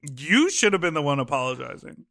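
A man co-hosting a podcast, reacting in an expressive, playful way. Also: fairly high pitch, fairly quick, creaky, no room sound, clean studio sound. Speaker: podcast co-host. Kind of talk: casual chat.

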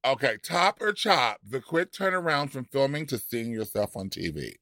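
A male podcast co-host with a bright, forceful voice that swoops widely in pitch. He drawls slowly and sassily over a dry, close sound. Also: big pitch swings, no room sound. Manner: sassy, drawling, calls people honey and girl. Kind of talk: casual chat.

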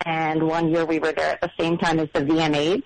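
Middle-aged woman, phone-in caller, gravelly, rambling and unsure of herself. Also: deep voice, little pitch movement, fairly quick, a crowd in the background, rough recording. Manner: hesitant, lots of ums, self-doubting. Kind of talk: casual phone call story.

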